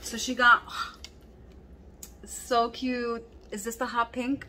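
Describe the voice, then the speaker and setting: Gushing excitable woman unboxing gifts. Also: on the high side, takes it slowly, a little hiss or hum. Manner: gushing, excitable, repeats "so cute". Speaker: vlogger unboxing fan mail. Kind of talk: casual unboxing chat.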